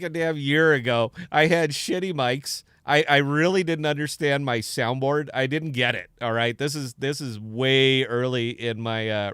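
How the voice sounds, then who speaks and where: A man casually chatting as host of a stream, laughing often and tagging his lines with "man". His voice is bright and ringing. It sounds dry and close, with no room sound. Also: mid-range voice, smooth, no echo. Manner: laid-back, laughing, says "man" a lot. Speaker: podcast host. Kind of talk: casual chat.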